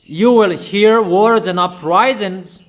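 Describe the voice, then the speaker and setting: Male preacher, high-pitched, emphatic and repetitive sermon delivery. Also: slow pace, muffled recording. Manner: repetitive, emphatic declarations in plain broken English.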